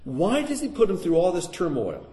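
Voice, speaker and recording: Speaking at a normal speed in a high voice, this man leads a live Bible lesson that sounds like a sermon. He animatedly asks the audience questions, and the recording has an echoey room sound.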